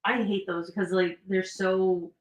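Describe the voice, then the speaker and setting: A woman co-hosting a podcast in casual chat, easygoing and joking, with quick reactions. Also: mid-range voice, little pitch movement, echoey room, low-quality recording. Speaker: podcast co-host.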